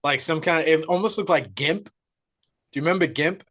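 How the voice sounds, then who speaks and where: Podcast co-host, male, high voice, laid-back and jokey. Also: moderate pace, a bit bright. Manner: joking, casual interjections. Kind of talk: casual movie chat.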